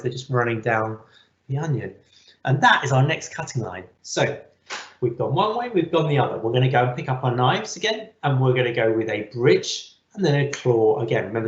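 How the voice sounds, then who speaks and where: A man giving a patient, step-by-step live online cooking lesson to children from a kitchen. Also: mid-range voice. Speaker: cookery teacher. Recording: echoey, slightly dull audio.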